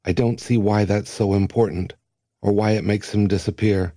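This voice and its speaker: A man voicing a naive young man who asks wide-eyed questions, his voice rising high as he struggles to understand. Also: fairly even intonation, moderate pace, mellow, no echo, studio quality, lightly acted. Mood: bewildered.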